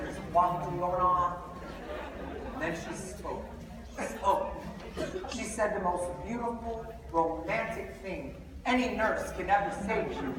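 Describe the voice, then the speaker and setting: A man giving a humorous motivational talk to a live audience, telling a story with playful comic timing. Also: high-pitched. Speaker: motivational speaker. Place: large hall with live audience. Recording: echoey hall, far off, crowd noise.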